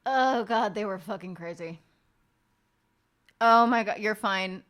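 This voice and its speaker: A woman's voice: mid-range voice, slow pace, fairly bright tone. A woman streamer telling a wild family story in casual chat, dramatic and profane.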